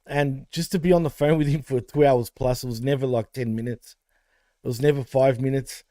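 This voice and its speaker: A man on a casual podcast speaks in a mellow, warm voice that stays dry and close to the mic. He rambles heartfelt and loose, with many fillers. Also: mid-range voice, fairly even intonation, brisk, no room sound. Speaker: podcast co-host.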